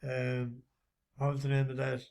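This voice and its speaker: A man chatting casually in a vlog as a horse racing tipster, rambling with lots of halting fillers. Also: mid-range voice, completely flat delivery, gravelly, a little mellow.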